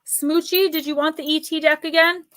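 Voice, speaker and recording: Woman, oracle card reader, live stream host, fairly high voice, chatty, affectionate, soothing when reading. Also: fairly even intonation, a bit bright. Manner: chatty and affectionate, reads cards aloud in a slow soothing cadence.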